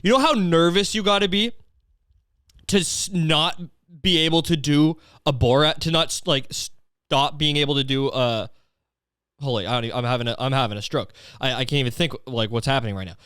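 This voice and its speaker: Young canadian guy ranting on his podcast, swears a ton, bit high voice, dry close sound. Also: a little fast, fairly bright tone, clean tone, no room sound. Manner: profane, rambling, full of slang. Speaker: podcast host. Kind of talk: casual comedy podcast rant.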